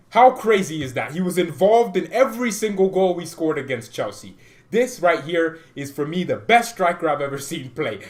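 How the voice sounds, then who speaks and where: A young man hosting a football fan channel, ranting about a match with loud, hyped outbursts that drop into calmer talk. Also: mid-range voice. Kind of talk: excited fan reaction rant.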